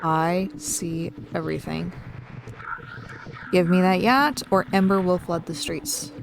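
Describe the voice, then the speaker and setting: A woman's voice: lowish voice, fairly even intonation, creaky, noisy background. Woman voicing a sinister all-seeing male tempter. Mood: menacing. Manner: slow, menacing, hushed. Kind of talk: reading game dialogue aloud.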